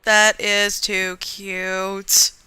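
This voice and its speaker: A woman's voice: mid-range voice, level tone, extremely slow, sharp tone, smooth, no room sound. A woman, chatting casually and playfully as she streams a game. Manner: chatty, playful, talks to herself. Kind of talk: casual gaming commentary.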